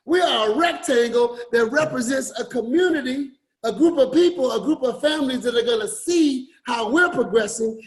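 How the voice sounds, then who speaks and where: A man giving a motivational talk to an online group, repeating his points and swinging between loud emphasis and quiet drops. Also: extremely high pitch, normal speed. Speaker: forex coach and motivational speaker.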